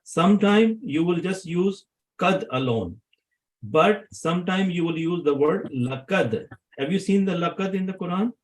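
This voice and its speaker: A man teaching a grammar lesson to a room of students. His voice sits a little higher than most men's, and he keeps stopping to ask whether everyone follows. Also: animated, a little slow, rough recording. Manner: checks in with students, asks questions.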